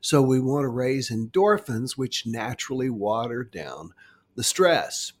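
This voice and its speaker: A middle-aged man gently coaching listeners through a stress-relief exercise in a guided self-help talk. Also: mid-range voice, sing-song, measured pace. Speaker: wellness guide.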